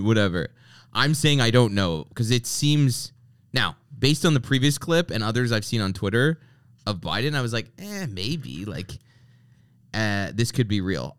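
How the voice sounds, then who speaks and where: A man's voice: lowish voice, smooth, no room sound, clean studio sound. A man hosting a podcast, joking and sarcastic in casual banter. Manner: joking, sarcastic, animated storytelling. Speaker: podcast host.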